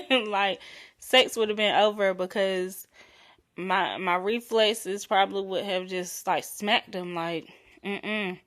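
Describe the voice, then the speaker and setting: A young adult woman hosting her own podcast, talking frankly and playfully in a solo chat, drawing out and softening her voice on intimate words. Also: medium pitch, takes it slowly. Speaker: podcast host.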